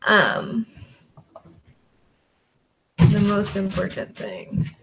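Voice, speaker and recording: A woman who resells online chats casually with her viewers while working, answering their questions in a slow, relaxed drawl with many fillers. Her voice is gravelly and creaky, she calls to her dogs in a high, coaxing tone, and there's a little hiss or hum.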